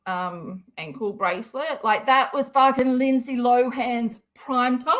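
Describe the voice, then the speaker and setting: A woman's voice: a little high, measured pace, hardly any pauses, a bit bright. A young adult woman, chatting casually on a livestream, rambling, swearing often and laughing a lot. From Western Australia. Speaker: livestream host.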